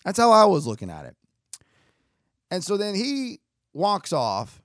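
A man's voice: sits high, a little slow, pauses often, no echo, studio quality. A young adult man casually telling a personal story in a rambling, self-mocking way, full of restarts. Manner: animated, self-mocking, acts out quoted dialogue; rambling with frequent restarts and fillers.

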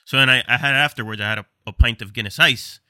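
Bright, chatty American co-host. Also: male voice, mid-range voice, clear, resonant tone, dry recording. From United States. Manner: chatty, quick asides and laughs, storytelling. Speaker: co-host of a cigar and beer pairing show. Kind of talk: casual chat.

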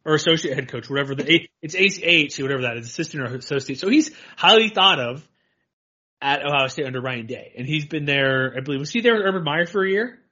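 A man co-hosting a podcast, talking sports in a rambling, animated way and laughing often. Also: a little high, fast. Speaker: podcast co-host. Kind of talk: casual sports chat. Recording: dull lo-fi audio.

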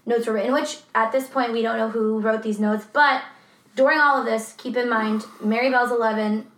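A woman's voice: on the high side, fairly even intonation, a little fast, a bit bright, reverberant. Casual woman true crime podcaster. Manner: casual, laughing, swears freely. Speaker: podcast co-host.

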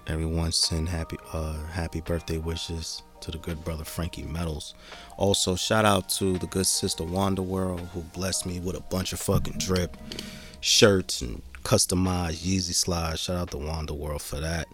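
A man's voice: low voice, flat delivery, moderate pace, soft background music. A man hosting a podcast, talking in a laid-back, rambling way and swearing freely. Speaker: podcast host. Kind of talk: casual podcast chat.

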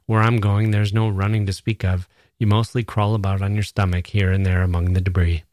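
A man's voice: lowish voice, little pitch movement, a little fast, darkish tone, no echo, clean studio sound, close to an everyday voice. A man voicing a cheerful young soldier with a light, joking, offhand manner. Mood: breezy.

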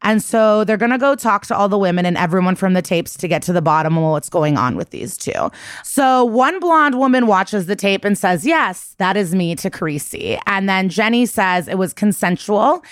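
A woman's voice: mid-range voice, expressive, moderate pace, clear, resonant tone, no room sound, studio quality. A woman co-hosting a podcast, recapping a TV episode in a casual, profane, chatty way. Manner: profane, chatty retelling full of "like". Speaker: podcast co-host.

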